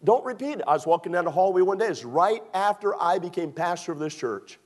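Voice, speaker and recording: A man's voice: high-pitched, animated, fast talker. A man from Maryland preaching a sermon as pastor. His delivery is conversational and joking, with emphatic swells.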